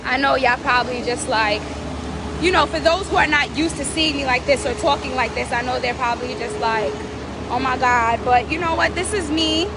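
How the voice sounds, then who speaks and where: A woman's voice: sits high, a little fast, noisy background. A woman vlogger giving fervent, preachy encouragement, repeating phrases for emphasis. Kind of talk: casual inspirational talk.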